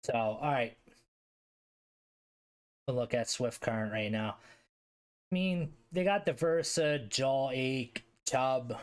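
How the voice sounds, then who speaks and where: Slow and smooth, with long pauses, this expressive medium-pitched man from the Philadelphia area hosts a live stream. He ranks hockey league teams in a loose, slangy style, swearing and reading out replies to chat.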